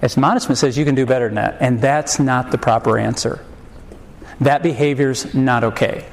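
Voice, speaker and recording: A man's voice: mid-range voice, fairly even intonation, moderate pace, low-quality recording. Storytelling pastor man in his forties. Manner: storytelling with humor, acts out quoted voices; emphatic rhetorical questions. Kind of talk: sermon.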